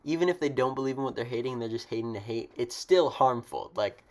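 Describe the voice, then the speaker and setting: Very low-voiced woman podcast co-host. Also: a little fast, a little mellow. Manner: agreeable, hesitant restarts. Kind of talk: casual chat.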